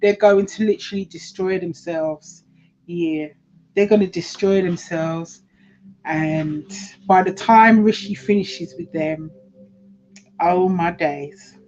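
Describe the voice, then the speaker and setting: Woman tarot reader, unhurried, repeats herself for emphasis; dull recording with faint hiss. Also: fairly low pitch, darkish tone. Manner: emphatic, repeats phrases, swears casually. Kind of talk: casual tarot reading commentary.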